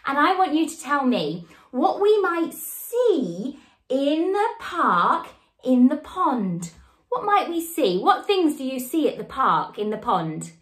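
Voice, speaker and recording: A woman leading a children's sign language lesson, in an animated, sing-song, encouraging way. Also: high voice, slow, reverberant. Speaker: baby sign language teacher.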